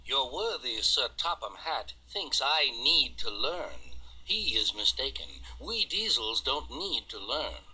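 A man's voice: mid-range voice, sing-song, slow pace, hardly any pauses, pushed and bright, slightly rough, exaggerated voice, low-quality recording. A man voicing an oily, smug male diesel engine in a storybook reading, purring and boastful.

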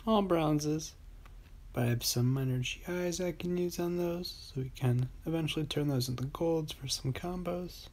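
A man's voice: a little high, normal speed. A man hosting a mobile baseball game channel, casually commenting as he opens card packs. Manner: relaxed, talking to himself while opening packs. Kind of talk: casual pack-opening commentary.

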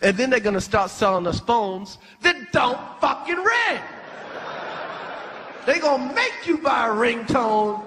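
A man doing a stand-up comedy routine on a large theater stage, loud and animated, shouting his punchlines into a handheld mic. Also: extremely high pitch, unhurried, long reverb tail. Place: large theater stage before a laughing audience. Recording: live concert recording with crowd noise.

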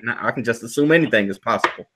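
A man's voice: medium pitch, racing, background noise. A man giving a casual movie review, rambling with lots of "you know" fillers. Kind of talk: casual podcast review chat.

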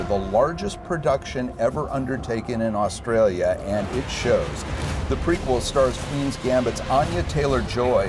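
A man reviewing films on a panel with jokey, punchy quips. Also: medium pitch. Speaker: film critic. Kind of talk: panel film review chat.

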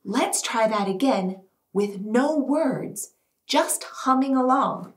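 Slow, soothing woman leading children's breathing. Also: fairly high pitch, lively intonation, far from the mic. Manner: slow, soothing instructions, sometimes sung in a sing-song. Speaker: children's mindfulness and music teacher. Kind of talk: gentle guided breathing and movement lesson for children. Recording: echoey room, voice a bit off-mic.

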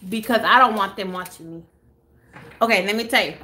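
Bright, animated woman telling stories at home. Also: mid-range voice, brisk, slight background noise. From United States. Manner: animated, swears freely, acts out others' lines. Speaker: beauty vlogger. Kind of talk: casual live-stream storytelling. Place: her home. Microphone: phone camera.

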